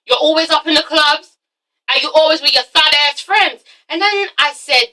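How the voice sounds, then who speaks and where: A sassy woman recapping reality TV, swearing freely and punctuating everything with "okay?". Her voice is high and piercingly bright, and she sits some distance from the mic. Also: moderate pace. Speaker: reviewer, channel host. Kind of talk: casual profane TV-recap vlog.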